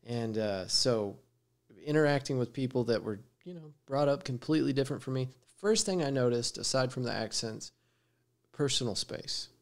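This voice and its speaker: A West Texas man with a Texan accent hosts a podcast, chatting casually with a guest seated six feet away in the studio. He tells stories and laughs easily, his medium-pitched voice expressive and moving at normal speed.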